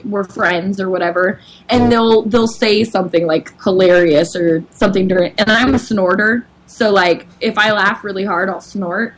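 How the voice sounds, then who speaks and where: A woman guest chatting playfully over a video call, often breaking into giggles. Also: mid-range voice. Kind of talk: casual chat.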